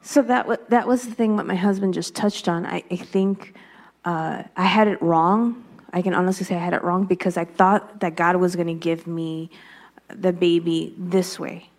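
A woman's voice: lowish voice, steady tone, moderate pace, darkish tone. A woman speaking candidly as a guest, sharing a reflective personal faith testimony. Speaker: guest, wife.

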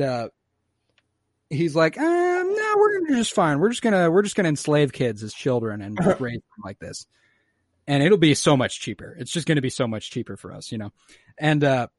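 A man casually recapping a show episode, acting out the characters' lines in quick little voices and swearing freely. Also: fairly high pitch, no echo, studio quality. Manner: animated storyteller who acts out characters' lines, swears freely. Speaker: podcast co-host recapping a show. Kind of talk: casual chat.

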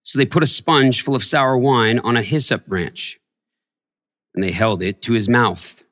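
A man preaching a sermon as a pastor, telling a personal story and growing hushed in its tender parts. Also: medium pitch, unhurried, big-room sound. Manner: storytelling, softening to a hush in tender moments. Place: church sanctuary.

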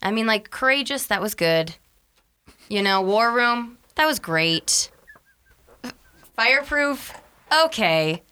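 A woman co-hosting a casual podcast, playful and quick to laugh. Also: fairly high pitch, lively intonation, pushed and bright, smooth. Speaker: podcast co-host. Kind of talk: casual chat.

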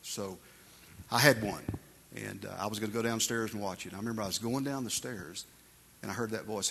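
A man's voice: lowish voice, brisk, vocal fry, fairly bright tone, long reverb tail, slight background noise. A man giving an emphatic, conversational sermon to men, calling them "guys" and "man". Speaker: men's ministry speaker.

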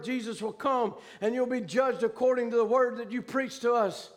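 A man's voice: very high-pitched, normal speed, long reverb tail. A man preaching a sermon with fervent emphasis and plain vernacular grammar as he recounts a vision.

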